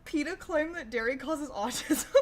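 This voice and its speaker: A woman's voice: high voice, lively intonation, a little slow. A young woman hosting a casual livestream, chatting sarcastically with lots of profanity and laughter. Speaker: livestream host. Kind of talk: casual livestream chat reacting to news.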